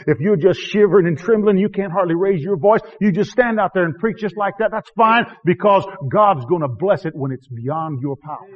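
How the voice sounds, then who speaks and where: A man preaching a sermon as a missionary preacher, swinging from shouting to hushed tones and chuckling often. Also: high voice, a little fast, few pauses. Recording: dull lo-fi recording.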